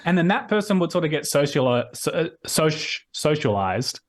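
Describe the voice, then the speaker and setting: A man's voice: a little high, sing-song, moderate pace. Rambling Australian man on a video call. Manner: rambling, with many restarts and "like". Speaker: guest. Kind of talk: casual conversational interview.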